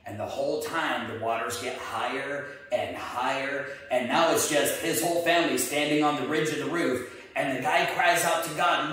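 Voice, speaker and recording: A man's voice: medium pitch, normal speed. Martial arts guy co-hosting, earnest storyteller, big echoey room. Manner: earnest, animated when telling a joke story. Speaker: martial arts instructor and co-host. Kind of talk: casual chat with storytelling. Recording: echoey room, mic at a distance.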